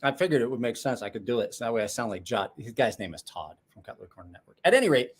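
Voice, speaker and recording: A man's voice: medium pitch, big pitch swings, quick pace, slightly rough. A man hosting a casual livestream, chatting and rambling with frequent restarts and asides. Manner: rambling, self-correcting, chatty. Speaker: livestream host.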